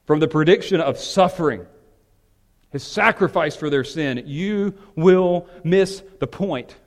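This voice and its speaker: A man, a pastor, preaching a sermon with emphatic, animated delivery that swings between loud and soft. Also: on the high side, long reverb tail.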